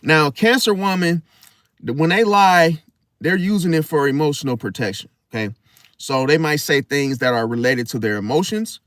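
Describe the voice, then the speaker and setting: Young guy ranting casually, kinda high voice, dry close sound, blunt and swears a lot. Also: normal speed, a bit bright, no room sound. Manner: emphatic, repeats "see?", blunt and profane; stop-start restarts. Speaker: astrology commentator. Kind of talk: casual monologue.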